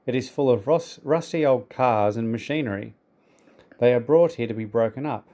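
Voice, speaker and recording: A man narrating a children's storybook aloud in a steady, clear way. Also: medium pitch, moderate pace.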